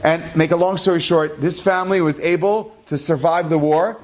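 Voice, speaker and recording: A man, a rabbi, telling an inspirational story in an animated, casual way, acting out the dialogue. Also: on the high side, normal speed.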